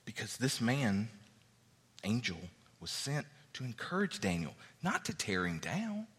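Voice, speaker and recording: A man preaching a sermon, reading scripture aloud and acting out what the characters say in an animated way. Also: medium pitch, measured pace, slightly rough, long reverb tail. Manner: animated, acts out biblical characters' speech.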